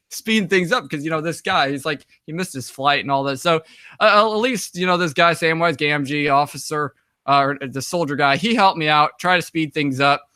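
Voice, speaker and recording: A man's voice: fairly high pitch, bright, forceful tone, clear, resonant tone, no room sound, studio quality. A young American man with an American accent, telling a long story as an interview guest, rambling with many fillers and acting out the dialogue. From United States. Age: young adult. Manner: acts out quoted dialogue in conversation. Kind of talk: casual storytelling.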